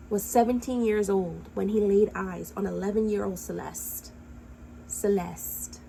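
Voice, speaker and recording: Woman vlogger, impassioned and profane, mid-pitched, faint room hum behind. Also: vocal fry, a little mellow, rough recording. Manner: angry, impassioned ranting; blunt, profane. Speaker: commentary vlogger. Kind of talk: heated reaction commentary.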